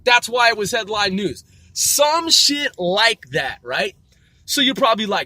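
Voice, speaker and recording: A man's voice: high-pitched, very animated, measured pace, pushed and bright. A man in his forties, talking casually and rambling with lots of swearing and self-corrections while he drives, for a mobile podcast. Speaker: podcast host. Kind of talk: casual rant while driving. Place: in a moving car. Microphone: mobile recording.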